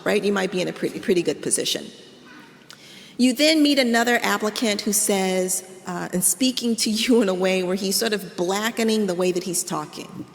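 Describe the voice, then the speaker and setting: A woman's voice: medium pitch, normal speed. A woman professor giving a public lecture to an audience, walking listeners through a scene in vivid second-person storytelling. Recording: reverberant hall.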